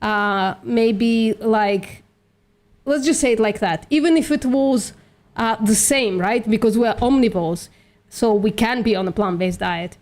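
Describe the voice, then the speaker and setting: A woman with a slightly high, slightly slow, darkish voice hosts a livestream making outreach calls, her voice fading a little. She reasons aloud through a casual voice-chat debate, with fillers throughout.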